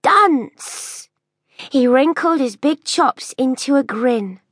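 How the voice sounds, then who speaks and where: Expressive, slow woman narrating for kids. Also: sits high, no room sound, clean studio sound. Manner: expressive storytelling. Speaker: audiobook narrator. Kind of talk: children's audiobook narration.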